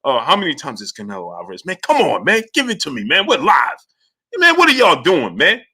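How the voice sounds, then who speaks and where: A man's voice: a little high, huge pitch swings, brisk, breathy edge. A man hosting a casual boxing livestream, greeting viewers by name and talking through the fight with many fillers. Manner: shouts out chat names, lots of fillers.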